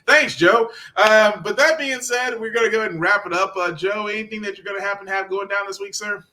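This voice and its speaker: A man hosting a casual podcast, playful and quick to laugh. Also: sits high, sharp tone. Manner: laughs easily, playful back-and-forth. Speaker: podcast host.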